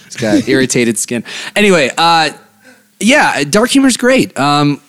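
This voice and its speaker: A man's voice: a little high, very animated, measured pace, fairly bright tone. A man co-hosting a casual podcast, joking and laughing as he reads listener emails aloud. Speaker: podcast co-host.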